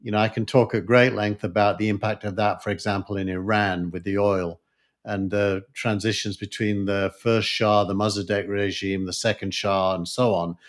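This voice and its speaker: A man with a Yorkshire accent co-hosts a casual discussion, his voice sitting on the low side. He thinks aloud, pausing on fillers and circling back to restart his sentences. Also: fairly even intonation. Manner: thoughtful, hesitant with frequent fillers and restarts. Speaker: podcast co-host.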